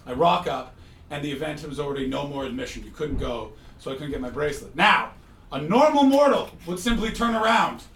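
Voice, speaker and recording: A man hosting a live comedy podcast, telling stories in an animated, joking way, recorded from a distant mic in an echoey room. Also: on the high side, fairly quick, vocal fry, slight background noise. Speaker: comedian host.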